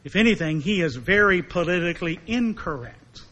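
A man preaching a sermon in a high, bright, forceful voice. He is emphatic and slows down to repeat his main points. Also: lively intonation, lo-fi sound.

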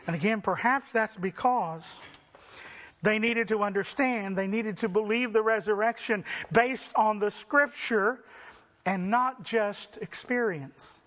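A male preacher with a very high, bright voice delivers a sermon. He leans on rhetorical questions and slows down for dramatic pauses.

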